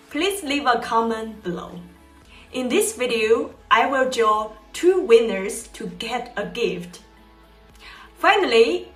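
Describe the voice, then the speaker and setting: Woman, language teacher, very slow deliberate lesson delivery, echoey distant recording. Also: on the high side, fairly bright tone. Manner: slow, carefully modeled tone examples. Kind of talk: scripted lesson narration. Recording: echoey room from a distance, light music.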